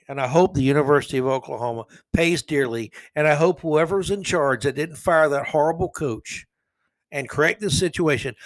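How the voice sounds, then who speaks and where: A man's voice: fairly high pitch, fairly bright tone. A man hosting an opinion podcast, blunt and indignant, reading news items and firing off sarcastic remarks. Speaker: podcast host. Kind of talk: opinion commentary.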